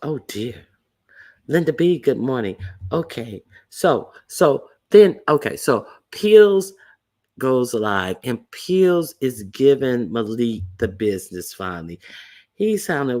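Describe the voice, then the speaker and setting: A man's voice: medium pitch, sing-song, takes it slowly, a little mellow. A man hosting a livestream, giving blunt, sassy gossip commentary and greeting chat viewers between remarks. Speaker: livestream host.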